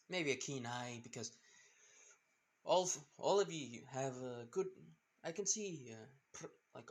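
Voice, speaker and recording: A man's voice: medium pitch, gravelly. A man voicing a swaggering male pirate captain in a clumsy, half-Scottish pirate accent, rambling and hunting for words. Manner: rambling, searching for words mid-line.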